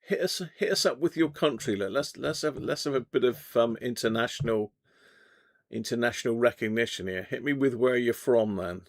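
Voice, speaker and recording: A gravelly-voiced man from Devon, England hosts a casual live chat from his home radio workshop. Medium-pitched and speaking at a normal speed, he's chatty and jokey and reads out viewer comments.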